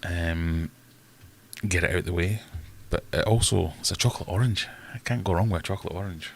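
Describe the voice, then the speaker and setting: A man with a somewhat low voice hosts a relaxed live stream. He chats loosely, greets viewers by name and makes fun of himself. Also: fairly quick, creaky, breathy edge. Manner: self-deprecating, chatty, greets viewers by name. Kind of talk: casual live-stream chat.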